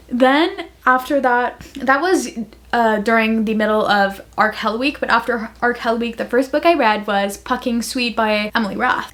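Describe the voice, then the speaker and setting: A woman in her twenties from Canada, casually chatting through a monthly book wrap-up, gushing and rambling with lots of fillers and restarts. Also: fairly high pitch. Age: 20s. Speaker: book vlogger.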